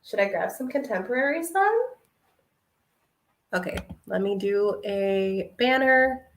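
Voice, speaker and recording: A woman's voice: mid-range voice, animated, unhurried, distant mic, slight background noise. A woman book vlogger chatting casually to herself while shelving books at home. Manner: chatty, musing, half to herself. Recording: roomy, off-mic with faint ambience.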